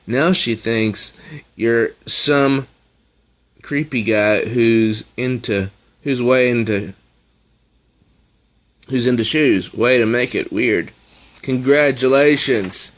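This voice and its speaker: A man reading out the lines of a wisecracking teenage boy from a comic, slow and drawling. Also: medium pitch, close to an everyday voice. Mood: teasing. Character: teenage boy, joking and teasing.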